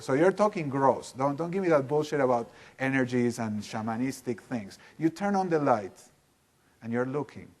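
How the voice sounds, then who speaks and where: Animated man teaching a live seminar. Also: on the high side, fairly quick. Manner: animated, emphatic, questions the audience. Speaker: workshop teacher.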